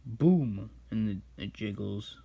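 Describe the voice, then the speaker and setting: Slow, rambling man retelling a movie. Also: lowish voice, expressive, vocal fry, warm tone. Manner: rambling, offhand. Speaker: YouTuber. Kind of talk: casual comedic movie retelling while drawing.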